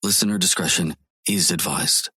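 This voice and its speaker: A man reading out an audiobook's content warnings in a measured, list-like way. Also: low voice, sharp tone, breathy edge, no echo. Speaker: audiobook announcer.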